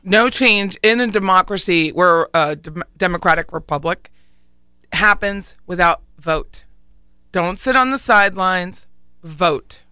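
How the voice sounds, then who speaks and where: A woman's voice: fairly low pitch, measured pace, sharp tone, smooth, no room sound. A woman with a Philadelphia accent hosting a radio talk show, speaking in a casual, emphatic way and hammering home key words. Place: radio studio.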